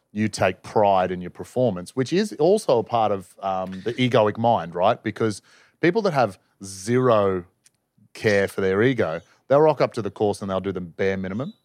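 A man hosting a podcast, talking in an animated, chatty way. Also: sits low, no room sound. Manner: animated, chatty, laughs easily. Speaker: podcast host, freediving instructor. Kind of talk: casual conversation.

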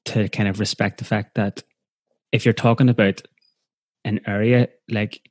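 A man from West Belfast, with a Belfast accent, chats casually in a thoughtful, somewhat hesitant way, often saying "kind of." His voice is fairly low and husky with little pitch movement and a moderate pace, in a dry recording.

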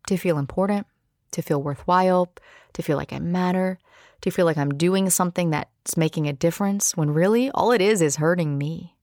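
A woman's voice: fairly low pitch, no echo, studio quality. A woman hosting a solo podcast, talking candidly and expressively, with playful asides. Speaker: podcast host.

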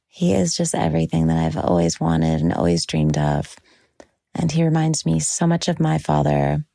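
A woman hosting a podcast, gushing through a personal monologue with heavy vocal fry and breathy, whispered trails. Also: low-pitched, mellow, no echo. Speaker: podcast host.

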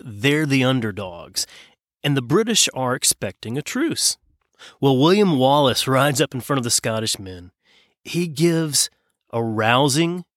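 A man hosting a business podcast, telling a story with emphatic beats and pauses. His voice sits at an ordinary middle pitch. The sound is dry and close, with no room around it. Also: a bit bright, no room sound. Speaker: podcast host. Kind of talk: scripted podcast intro monologue.

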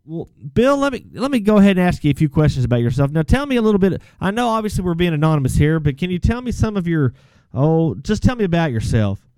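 A man plays a folksy call-in advice host with a put-on Texas drawl. His voice is mellow and smooth, sitting a bit high, recorded close and dry. He stumbles and rambles in an easygoing way. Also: sing-song, quick pace, dry recording. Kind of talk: comedic call-in radio sketch.

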